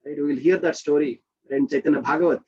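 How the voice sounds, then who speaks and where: Brief: Indian man, fairly high husky voice, lively devotional teacher, lo-fi call audio. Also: fast talker. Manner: animated, leans on conversational tags and checks in with listeners. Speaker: devotional group session leader. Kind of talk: informal spiritual teaching talk.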